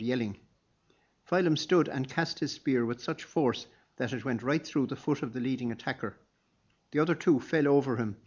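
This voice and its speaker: Man reading a story, dull lo-fi sound. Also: mid-range voice. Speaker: audiobook narrator. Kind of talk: scripted narration.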